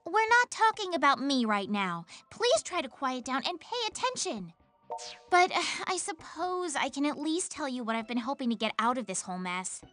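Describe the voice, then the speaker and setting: Rin, a teasing, scheming young idol. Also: female voice, high-pitched, very animated, bright, forceful tone, faint music behind, heavily acted. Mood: coolly taunting. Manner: teasing, condescending, measured. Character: cool, scheming young woman idol with secrets. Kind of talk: video game voice acting.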